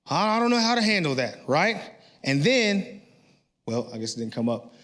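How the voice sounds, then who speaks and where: A male pastor preaching a sermon in a church, animated, with rising shouts at his peaks and frequent "all right?" check-ins to the congregation. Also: sits high, moderate pace. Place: church sanctuary.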